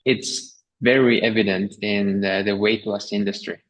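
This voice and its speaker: A man hosts a podcast in a low voice. He thinks aloud and pauses often to search for words. His tone stays reflective and agreeable as he builds on his guest's points. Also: steady tone, poor audio. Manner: hesitant, many fillers and restarts, reflective. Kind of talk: conversational podcast talk.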